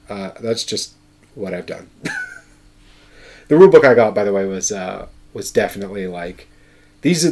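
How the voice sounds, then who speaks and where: A man's voice: fairly low pitch, a little mellow. A man hosting a casual solo board game playthrough, chatty and thinking aloud as he counts out moves. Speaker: board game player and show host.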